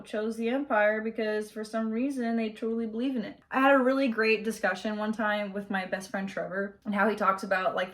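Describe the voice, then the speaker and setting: A young woman chatting casually in her bedroom while she does her makeup, high-energy and slangy. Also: fairly bright tone. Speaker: beauty vlogger. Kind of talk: casual get-ready-with-me chat.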